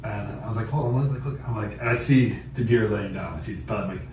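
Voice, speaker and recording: A man hosting a podcast, telling a hunting story in a casual, animated way, laughing often and acting out what people said. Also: on the low side, fast. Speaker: podcast host. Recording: echoey distant mic with background noise.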